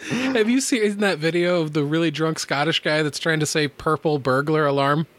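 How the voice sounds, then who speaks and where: An easygoing man co-hosting a podcast, chatting casually with frequent laughter and offhand swearing. His voice sits a bit higher than most men's. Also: normal speed, fairly bright tone. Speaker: podcast co-host.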